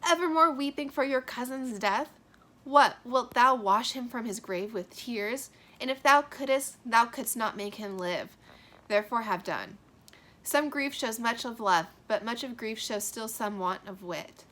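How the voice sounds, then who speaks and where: A woman's voice: on the high side, measured pace, a bit bright. A woman reading stern Lady Capulet, scolding. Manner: scolding, commanding verse reading. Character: stern noblewoman mother, Lady Capulet, cold and vengeful. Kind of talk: dramatic reading of a play.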